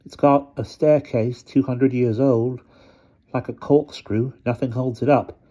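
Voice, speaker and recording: A man reading aloud, voicing a quiet, intense teenage boy who speaks slowly and with weight. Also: mid-range voice, steady tone, pitched above the performer's own voice, natural voice. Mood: withdrawn. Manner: slow, measured, intense.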